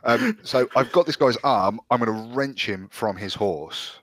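A man playing a paladin in a tabletop game, speaking in a deliberate, forceful way. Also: medium pitch, expressive, a little hiss or hum. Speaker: player. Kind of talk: tabletop role-play.

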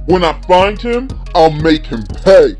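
A woman reading a storybook aloud and voicing a huge, angry male giant who booms his threats. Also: sing-song, measured pace. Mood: furious. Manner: booming, growling threats. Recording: soft music underneath.

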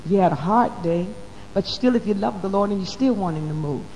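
Woman preacher swinging hushed to loud. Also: mid-range voice, a little fast, big-room sound, poor audio. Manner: calls the congregation baby and honey. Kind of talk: sermon. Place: church. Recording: faint hum on an old recording.

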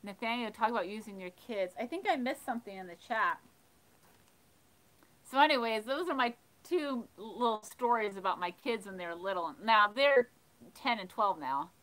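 A woman hosting a livestream, casually telling funny stories and reading chat, animated and laughing. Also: a little high, moderate pace, low-quality recording. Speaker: livestream host of a thrifting channel. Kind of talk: casual storytelling while reading live chat.

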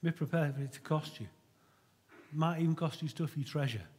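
Middle-aged male preacher, husky and a touch high-pitched, earnest and conversational sermon delivery. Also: fairly quick, darkish tone. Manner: earnest and conversational, with frequent restarts.

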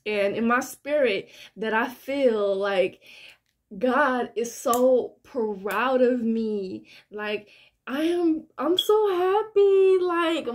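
A woman speaks in an unhurried, drawn-out way, her voice sitting a little high. She talks straight to her viewers about faith, earnest and heartfelt, circling back over the same points again and again. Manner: earnest, repetitive, heartfelt preaching. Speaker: spiritual vlogger. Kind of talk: casual spiritual monologue to viewers.

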